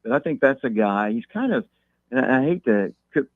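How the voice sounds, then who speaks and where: A man's voice: mid-range voice, expressive, no room sound. Man on a tinny phone line. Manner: measured, repeats words when thinking. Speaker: guest talking local high school football. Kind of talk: phone-in interview.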